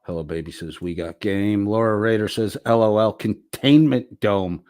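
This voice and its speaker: A man's voice: fairly low pitch, moderate pace, darkish tone, clean tone, dry recording, studio quality. A man hosting a livestream, reading viewer comments aloud with profane, wisecracking asides. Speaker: livestream host reading chat.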